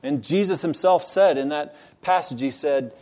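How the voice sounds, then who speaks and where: A man preaching a sermon, earnest and building toward loud, emphatic stretches. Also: fairly high pitch, normal speed. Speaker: pastor.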